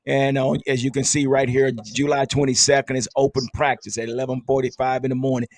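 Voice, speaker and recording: A man's voice: mid-range voice, flat delivery, quick pace, dry recording. A man hosting a casual sports fan podcast, upbeat and chatty, laughing often. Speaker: podcast host.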